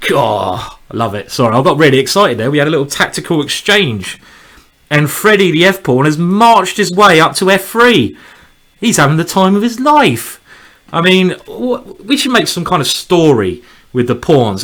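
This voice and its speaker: A man giving live commentary on his own chess games, chatty and rambling, with sudden loud cheering bursts. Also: a little high, big pitch swings, moderate pace. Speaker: chess streamer.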